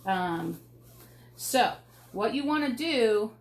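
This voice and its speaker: A woman, chatting excitedly with viewers while demonstrating a craft project. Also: fairly high pitch, takes it slowly. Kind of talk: casual live craft demo chat.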